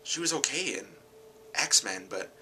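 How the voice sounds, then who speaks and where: A tired man rambling casually about an anime film, correcting himself often and getting animated when something annoys him. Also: mid-range voice, a little slow, slight background noise, poor audio. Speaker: channel host.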